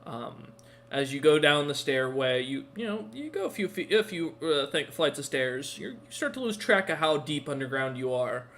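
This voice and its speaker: Man, game master, casual narration, fillers, fairly high, bright. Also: lively intonation, moderate pace, a little hiss or hum. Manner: casual, with many fillers and self-corrections.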